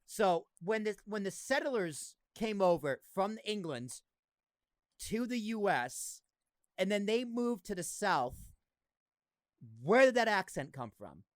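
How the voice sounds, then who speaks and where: A man's voice: high voice, sing-song, slow pace, no echo, studio quality. A man who is a podcast guest in casual chat, reasoning aloud and ending points with questions.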